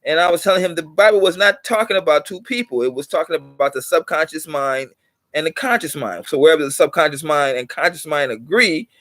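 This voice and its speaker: Rambling, preachy man with a higher voice. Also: brisk, fairly bright tone, dry recording. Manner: rambling and preachy, repeats himself. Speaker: channel host. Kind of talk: casual monologue to viewers.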